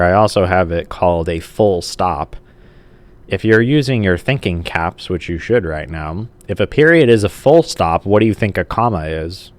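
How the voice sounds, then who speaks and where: A male teacher giving a recorded grammar lesson, talking casually while writing on a page and often checking in with the class. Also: low-pitched. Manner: casual, says "like" and checks in with "okay?". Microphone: camera mic.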